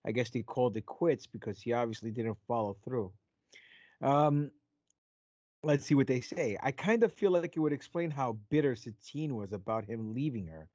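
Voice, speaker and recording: A man's voice: mid-range voice, lively intonation, moderate pace, warm tone, no room sound. A man hosting a casual podcast, rambling and telling jokes with plenty of fillers. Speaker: podcast host.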